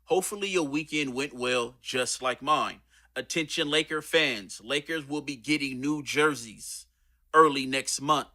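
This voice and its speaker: A man's voice: mid-range voice, unhurried, pushed and bright. A man hosting a vlog, opening with upbeat, chatty small talk. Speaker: host. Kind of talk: casual vlog intro.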